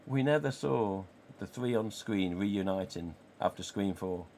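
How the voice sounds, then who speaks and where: Low-ish and unhurried, his darkish voice carries slight background noise. He's a man in his forties from England with an English accent, casually hosting a live stream where he chats, swears freely and acts out quoted dialogue.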